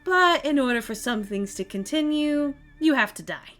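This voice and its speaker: A woman voicing a calm, menacing female assassin who speaks in a matter-of-fact way. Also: sits high, normal speed, faint music behind, pitched above the performer's own voice. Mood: cold menace. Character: cold, businesslike female assassin.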